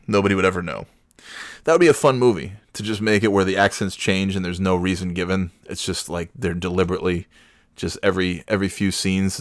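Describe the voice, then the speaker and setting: A man's voice: low voice, no echo, clean studio sound. A man chatting casually about a movie, rambling and profane, mocking himself as he goes.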